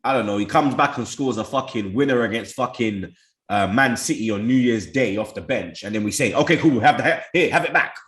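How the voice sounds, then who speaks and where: A man's voice: mid-range voice, a little fast, fairly bright tone, echoey room. A man hosting a football talk show, ranting and taunting in profane street slang. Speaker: show host. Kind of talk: heated football banter.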